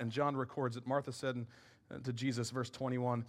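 A man preaching a sermon with passion, repeating words and dropping into soft asides. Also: medium pitch, fairly even intonation, fairly quick. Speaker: pastor.

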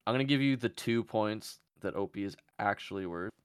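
A man's voice: lowish voice, brisk, clean tone, dry recording, clean studio sound. A man hosting a casual quiz game among friends, joking loosely and swearing often. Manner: profane, laughing, loose. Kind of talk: casual podcast banter.

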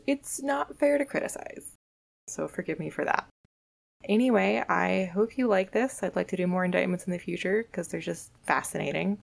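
A woman hosting a podcast, reading legal documents aloud in a plain, unhurried way after a casual introduction. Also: fairly low pitch, vocal fry.

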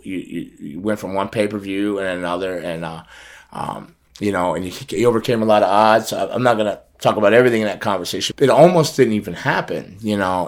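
Animated low-voiced man telling a story. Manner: animated, acts out quoted phone calls, laughs often. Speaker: podcast host telling a story. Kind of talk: casual storytelling chat.

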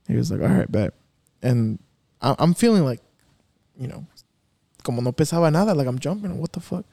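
A man's voice: on the high side, very animated, fairly quick, gravelly, mellow, no echo. A young man telling a rambling, profane story among friends at home, slipping in Spanish phrases. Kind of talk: casual chat among friends.

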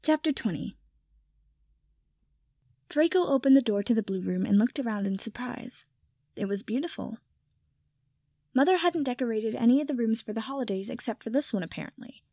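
A woman reading fiction aloud in calm, even narration. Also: fairly high pitch, fairly quick, no room sound, clean studio sound. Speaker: audiobook reader.

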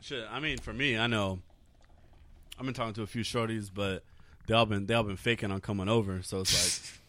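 A man's voice: fairly low pitch, fairly even intonation, fairly quick, pushed and bright, no echo. A young man co-hosting a casual drinking podcast, talking loosely with crude jokes and laughs. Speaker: podcast co-host.

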